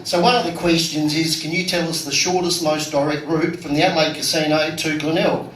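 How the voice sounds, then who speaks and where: An Australian man doing a stand-up comedy set, delivering crude punchlines deadpan. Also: fairly high pitch, fairly quick, slight background noise. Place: comedy venue stage. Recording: echoey room from far off with loud ambience.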